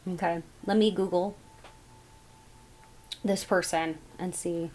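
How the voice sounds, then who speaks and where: A woman giving a casual tarot reading, thinking aloud as she goes in a musing, unhurried way. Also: fairly low pitch, steady tone, darkish tone, slight background noise, poor audio. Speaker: tarot reader.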